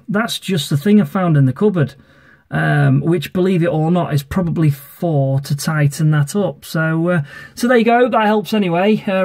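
An amateur DIY video maker, a man, casually walks through fixing a sink tap, filming on his phone from under the kitchen sink. He rambles with plenty of ums and self-corrections, and his slightly high voice has a darkish tone.

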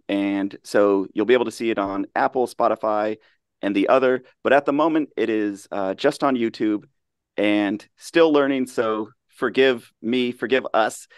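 A man's voice: on the low side, smooth, no room sound, studio quality. A man with an American accent, chatting casually as a podcast guest and laughing readily. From United States.

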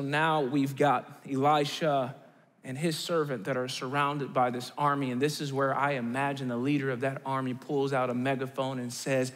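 A man preaching a sermon in a lively storytelling manner, often checking in with the congregation. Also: sits high, normal speed. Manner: animated, checks in with the audience often. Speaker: guest preacher. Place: large church auditorium. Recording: long church hall reverb.

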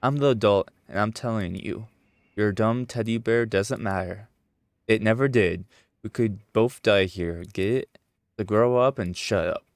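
A man with a Swedish accent voicing a blunt, gruff grown man lost in the woods, reading game dialogue aloud in short curt lines. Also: lowish voice, fairly even intonation, measured pace, dry recording, studio quality, close to an everyday voice. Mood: stern.

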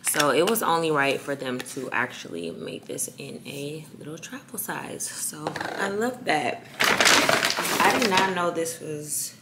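A young woman with a raspy voice, chatting excitedly in a casual vlog. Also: deep voice, slow, very noisy. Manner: chatty, excited, lots of fillers. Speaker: vlogger.

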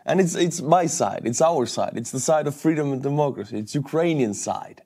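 A man's voice: mid-range voice, expressive, fairly quick, hardly any pauses, mellow, breathy edge. A young man from Estonia giving a casual, upbeat video commentary with enthusiasm. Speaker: war news vlogger.

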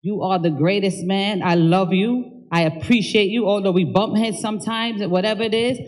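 A woman's voice: medium pitch, normal speed, darkish tone. A woman speaking as the daughter at a memorial service, giving a heartfelt eulogy and then thanking the gathered mourners, emotional and stumbling over her words at times.

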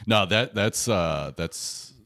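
A man's voice: fairly low pitch, animated, slow, gravelly, fairly bright tone, dry recording, clean studio sound. A man in casual podcast chat about comedy films, often restarting his sentences and swearing casually.

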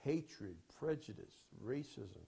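A man's voice: mid-range voice, animated, slow, creaky, slightly rough. Man, preacher, sermon storytelling, rambling, emphatic, mid-range voice. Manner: rambling and emphatic, with swings in loudness.

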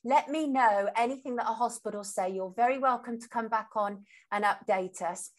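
A woman's voice: a little high, moderate pace. Sympathetic woman hosting a live stream. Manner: sympathetic, reads viewer comments aloud. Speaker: host.

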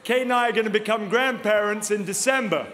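A man in his fifties preaching a sermon full of funny personal stories, animated and self-deprecating, laughing often. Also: high-pitched, brisk, background noise. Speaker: guest preacher. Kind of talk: humorous storytelling sermon. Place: large church auditorium. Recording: long reverb of a large hall.

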